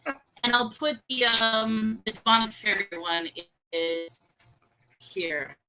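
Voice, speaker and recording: A woman co-hosting a casual online chat show, telling stories in an animated, chatty way. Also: a little high, slow pace, gravelly, over music, low-quality recording. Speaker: co-host.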